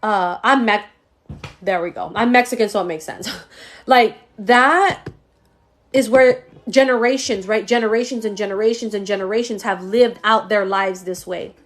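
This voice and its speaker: A woman's voice: mid-range voice, moderate pace. A woman giving a live-stream psychic reading in a casual, slangy way, swearing freely, talking straight to the viewer and letting her feelings show. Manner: emotional, laughs often while reading. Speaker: psychic medium.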